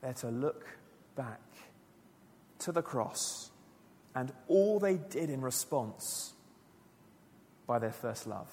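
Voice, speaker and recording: A man preaching a sermon to his church, earnest and emphatic, dropping his voice low and quiet for key lines. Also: animated, slow, long pauses, a little hiss or hum. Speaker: pastor. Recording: long church reverb.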